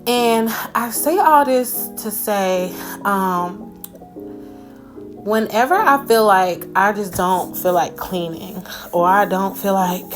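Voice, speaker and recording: A woman's voice: mid-range voice, slow pace. A woman vlogger telling a personal story in a candid, emotional way, full of faith and "you know" fillers. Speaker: cleaning vlogger. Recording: background music under the voice. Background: background music.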